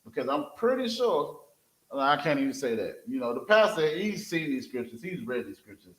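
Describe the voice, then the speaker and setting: A man's voice: a little high, moderate pace, reverberant, low-quality recording. A man teaching scripture, calling for verses from a reader and asking "you understand?" again and again. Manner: calls for verses, repeats "you understand?", animated. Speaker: street preacher teaching scripture.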